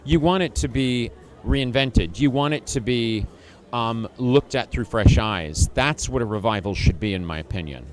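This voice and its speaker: A man being interviewed at a gala, talking in a mid-pitched voice. He is emphatic and self-assured, pushing his points with energy. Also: normal speed. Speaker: actor and singer. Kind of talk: red-carpet interview.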